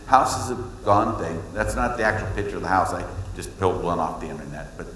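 Animated preacher in an echoey hall. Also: male voice, brisk, a little hiss or hum. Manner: animated storytelling, pitch leaps on emphasis. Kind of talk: sermon. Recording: echoey hall with long reverb.

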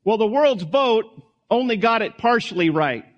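Male pastor with a high voice, delivering a relaxed, folksy sermon that wanders into asides. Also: normal speed, highs cut off. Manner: conversational, folksy, with small asides and restarts.

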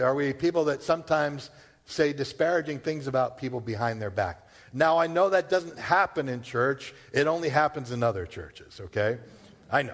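A man from Massachusetts, a pastor, preaching a sermon in a conversational way, with rhetorical questions and casual asides. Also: mid-range voice. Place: church. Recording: long hall reverb.

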